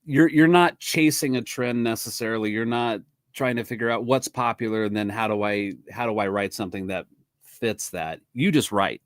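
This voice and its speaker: A man's voice: on the low side, moderate pace, no echo, studio quality. A man hosting a podcast as a drummer, chatting casually and enthusiastically with a guest and laughing easily. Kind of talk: casual interview chat.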